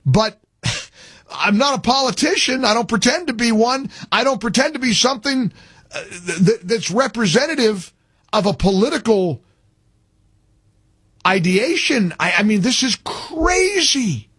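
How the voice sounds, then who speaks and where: A man's voice: extremely high pitch, animated, a little slow, a bit bright, breathy edge, no room sound. A man hosting a call-in talk radio show, delivering an emphatic monologue and repeating phrases as he builds his point. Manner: emphatic, repeats himself when worked up.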